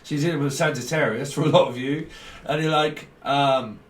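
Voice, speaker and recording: This tarot reader's voice is a little high, with fairly even intonation and a moderate pace. His casual reading wanders from association to association, punctuated by frequent chuckles, and the off-mic recording sounds roomy with faint background hiss.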